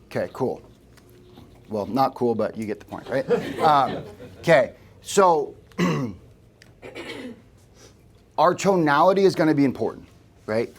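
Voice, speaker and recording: A man leads a sales training session in an office room, speaking in an easygoing, conversational way. He keeps turning to the room with quick questions to check that people follow. His voice sits at an ordinary middle pitch for a man. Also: lively intonation. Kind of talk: live sales training talk.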